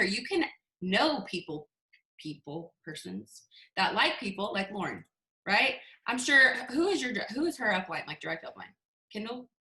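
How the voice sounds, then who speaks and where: A woman leading a casual sales training on a video call, telling animated stories and acting out quotes. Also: medium pitch, reverberant. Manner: chatty, animated storytelling with acted-out quotes. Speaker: team leader giving a sales training.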